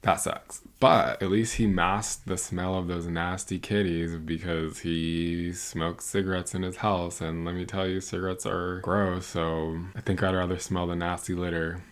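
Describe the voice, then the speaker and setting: A woman with a notably deep voice gives blunt, sassy reactions in casual commentary. She exclaims and scolds freely, talking straight to her viewers. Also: little pitch movement, unhurried, hardly any pauses. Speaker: reaction video host.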